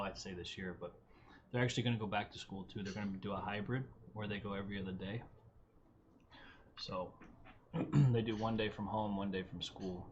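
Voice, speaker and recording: Profane, offhand middle-aged man. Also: lowish voice. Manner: profane, offhand, mumbles under his breath. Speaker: trading stream host. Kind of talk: casual live-stream chat. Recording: slightly dull audio with faint hiss.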